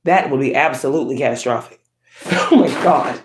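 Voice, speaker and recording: A woman hosting a casual ranting monologue, blunt and profane, laughing between points and swinging from slow low tones to sharp high outbursts. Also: a little hiss or hum. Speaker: spiritual livestream host. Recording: echoey room.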